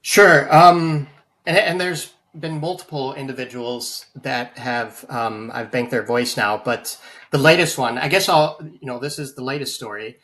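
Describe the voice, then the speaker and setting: A man's voice: medium pitch, steady tone, measured pace, a bit bright. A man telling stories in an interview, earnest and full of restarts and fillers. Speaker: guest, AI voice banking practitioner. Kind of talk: conversational interview storytelling.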